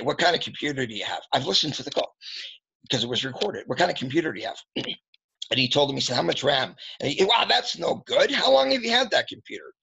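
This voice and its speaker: A man coaching auto service advisors, telling candid anecdotes and clearing his throat often. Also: medium pitch, fairly bright tone. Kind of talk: storytelling training talk. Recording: dull lo-fi recording.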